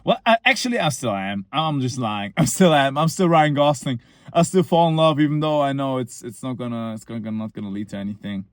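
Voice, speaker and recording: A man's voice: mid-range voice, a little fast, dry recording, studio quality. A young man telling a personal story in a casual, rambling monologue, full of fillers and short laughs.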